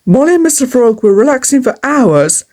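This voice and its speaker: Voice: sits high, sing-song, normal speed, a little mellow. A reader reading a storybook aloud with earnest, plain phrasing.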